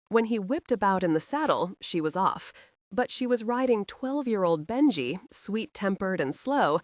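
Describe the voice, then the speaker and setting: A woman narrating a romance audiobook in a measured storytelling manner. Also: fairly low pitch, no echo, studio quality.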